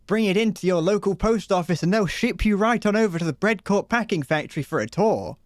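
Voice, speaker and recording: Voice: medium pitch, animated, brisk, no room sound. A livestreamer improvising a silly mock advert while gaming, giggling and stumbling over words.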